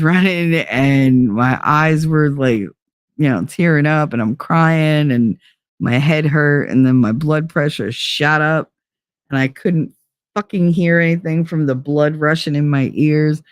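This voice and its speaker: A woman hosting a livestream, chatting casually with viewers, profane and animated, laughing often. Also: low-pitched, smooth, dry recording, clean studio sound. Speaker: livestream host. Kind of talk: casual livestream chat reading viewer messages.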